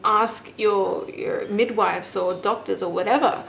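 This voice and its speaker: A woman's voice: medium pitch, fairly even intonation, unhurried, gravelly, fairly bright tone, a little hiss or hum, rough recording. Candid, swearing young woman vlogger. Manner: candid, swears freely, acts out quotes. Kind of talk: casual storytelling to camera.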